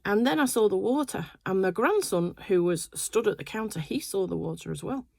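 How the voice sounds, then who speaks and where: A woman's voice: mid-range voice, expressive, brisk, vocal fry, darkish tone, no room sound. An older woman chatting casually in her sewing room, telling a rambling family story full of fillers. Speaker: quilting vlogger. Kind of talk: casual chat.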